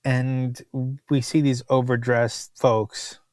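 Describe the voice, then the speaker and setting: A man, a food writer chatting as a podcast guest, telling stories with animated disbelief. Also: medium pitch, slow pace, dry recording. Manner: animated, incredulous storyteller. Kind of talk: casual podcast chat.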